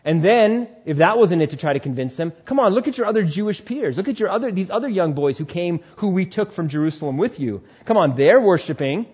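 A man preaching a sermon, switching between animated exhortation and quiet, soothing asides. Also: high voice, a little fast, few pauses, slightly rough, dull audio. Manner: animated preaching, drops to quiet soothing tones when voicing tempters. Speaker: pastor.

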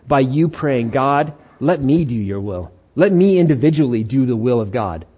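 A middle-aged man preaching a sermon as a pastor, animated, acting out inner voices and God's replies. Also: medium pitch, normal speed, slightly rough, dull audio.

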